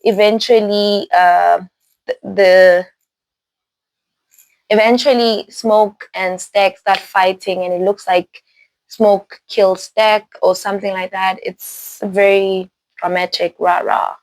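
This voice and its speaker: A woman hosting a casual spoiler recap of a film, talking in an animated, rambling way, with laughs and restarts. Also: mid-range voice, slow pace, no echo, poor audio. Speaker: movie reviewer host.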